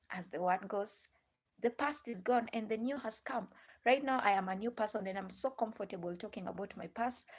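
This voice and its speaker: A woman with a Ghanaian English accent hosting a live stream, chatting to viewers in a rambling way, repeating herself and asking them many questions. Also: mid-range voice.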